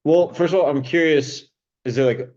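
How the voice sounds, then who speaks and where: A man's voice: fairly high pitch, normal speed, darkish tone, dull audio. A young man in casual chat, rambling with many restarts and plenty of enthusiasm. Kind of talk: casual chat about old movies.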